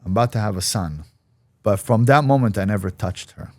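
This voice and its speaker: A man with a low, deep voice tells a candid personal story as a podcast guest. He talks frankly and swears now and then. The recording is dry and close, with no room sound. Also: a little fast, a little mellow, no echo. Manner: frank, profane, acts out quoted voices.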